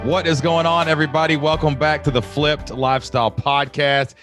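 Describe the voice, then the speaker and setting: A man's voice: on the high side, fairly quick, faint music behind. A man in his thirties with an American accent, hosting a podcast interview and telling stories with lots of enthusiasm. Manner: enthusiastic, animated storytelling with quoted voices. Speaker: podcast host.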